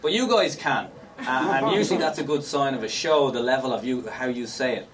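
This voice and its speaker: An Irish stand-up comedian works the audience at a live comedy venue, teasing them in cheeky banter packed with fillers. His medium-pitched voice is animated and a little fast, and the distant mic picks up a noisy crowd in the live room.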